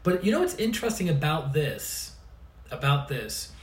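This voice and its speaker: A man's voice: fairly high pitch, sing-song, moderate pace. A man working as an energy healer and coach, telling stories in casual livestream chat and laughing often. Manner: chatty, laughs often, restarts phrases. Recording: roomy sound, mic at a distance.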